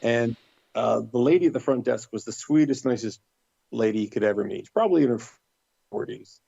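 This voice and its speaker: With vocal fry and a breathy edge, this middle-aged man speaks a little fast at medium pitch as a podcast guest telling a casual story. He's animated and voices other people's lines more vividly. The sound is lo-fi, without room sound.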